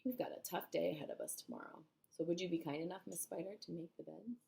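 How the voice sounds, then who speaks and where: A woman voicing an old male grasshopper who speaks in a slow, scornful way. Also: on the low side, creaky, background noise. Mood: weary.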